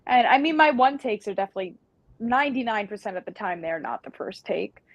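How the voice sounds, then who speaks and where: A woman's voice: on the high side, animated, brisk, lo-fi sound. A woman, a band's singer, chatting casually as a guest on a podcast, with many ums and likes.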